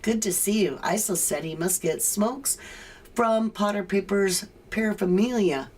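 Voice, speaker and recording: A woman's voice: medium pitch, measured pace, a little mellow. Sarcastic woman ranting on a livestream. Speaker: livestream host reading viewer chat. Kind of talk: casual chat.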